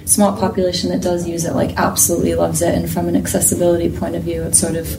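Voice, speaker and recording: Woman, podcast co-host, low flat delivery, distant mic, noise audible behind. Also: fast, vocal fry. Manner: even, explanatory, filler-laden. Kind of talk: casual panel discussion.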